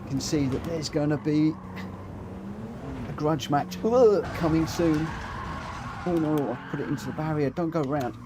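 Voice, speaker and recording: A man hosting a live racing game stream, talking excitedly and rambling, often tripping over his own words. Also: a little high, moderate pace, background noise.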